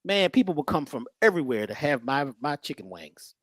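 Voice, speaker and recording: Woman lecturing casually, lots of stories, lively up-and-down voice, dry close sound. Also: low voice, brisk, slightly rough, no echo. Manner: conversational, animated, acts out voices.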